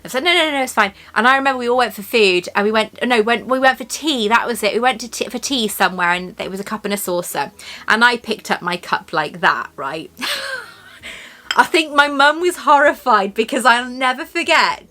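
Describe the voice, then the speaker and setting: A woman's voice: on the high side, animated, moderate pace, sharp tone. An English woman chatting casually as she unboxes a tea set, rambling and gasping with delight. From England.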